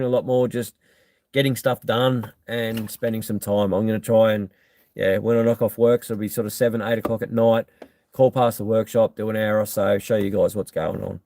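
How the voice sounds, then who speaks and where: A man's voice: on the low side, little pitch movement, moderate pace, mellow, no room sound. An Australian man hosting a live stream, chatting casually and bluntly as he reads out and answers viewer comments, with lots of ums.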